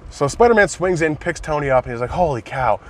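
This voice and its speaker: A man in casual conversation about movies, retelling scenes excitedly and swearing often, recorded in a car. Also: a little high, quick pace.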